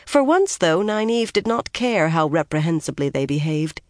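A steady, measured narrator reads a fantasy novel in a mid-range voice. The recording is dry and close, with no room around it. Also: medium pitch, no room sound. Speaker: audiobook narrator.

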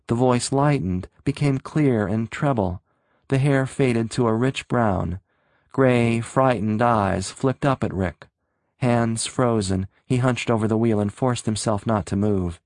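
A man narrating a story in a steady, measured reading voice. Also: lowish voice, no echo, studio quality. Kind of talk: audiobook narration.

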